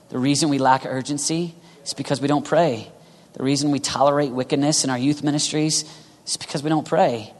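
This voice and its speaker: Impassioned preacher, hushed to urgent. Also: male voice, on the high side. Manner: passionate, swings from loud urging to hushed whispers. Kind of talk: sermon. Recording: long reverb of a large hall.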